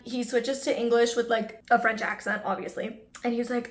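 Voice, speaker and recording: Young woman, casual storytelling to camera, chatty, playful asides, slightly high voice. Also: fairly quick, hardly any pauses, roomy sound. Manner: chatty, animated, full of "like" and asides to viewers. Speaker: vlogger.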